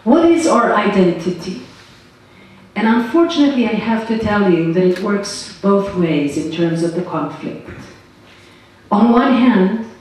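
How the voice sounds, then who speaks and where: A woman's voice: mid-range voice, warm tone, distant mic. Emphatic woman in an echoey hall. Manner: earnest, emphatic, building arguments. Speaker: politician guest. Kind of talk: public conversation on stage.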